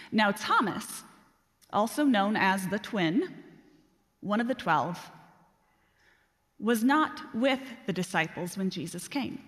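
A woman preaching a sermon, telling self-deprecating stories in an animated way. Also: medium pitch, slow pace, long pauses. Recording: reverberant hall.

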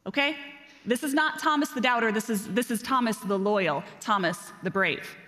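A woman preaches a sermon in a fairly high voice, animated and self-deprecating as she tells stories. Her voice rings out with a long reverb, as in a large hall. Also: moderate pace.

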